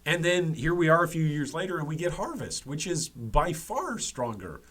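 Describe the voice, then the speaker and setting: A man's voice: on the high side, sing-song, moderate pace, a bit bright, breathy edge. A man hosting a gaming commentary video, speaking emphatically and repeating key points for stress, with frequent restarts and fillers.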